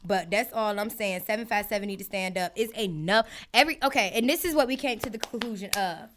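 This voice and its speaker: A woman's voice: medium pitch, quick pace, slight background noise. A woman hosting her podcast, ranting casually and animatedly to her listeners. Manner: animated, talks straight to listeners with many asides. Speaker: podcast host. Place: home setup with listeners joining a live stream.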